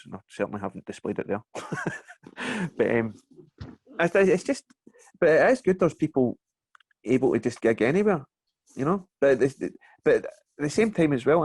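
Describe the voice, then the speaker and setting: A Scottish man with a gravelly, mid-pitched voice guests on a podcast over a video call, telling stand-up stories. He's an animated storyteller who curses and laughs through his own anecdotes, and the sound is close and dry with no room echo.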